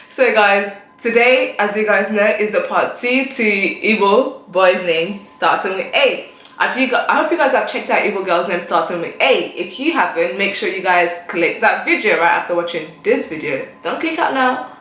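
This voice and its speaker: A young woman hosting a casual online language lesson, chatty and repeating each word slowly for her viewers. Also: mid-range voice, expressive, fairly bright tone, reverberant, poor audio. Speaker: language teacher, channel host.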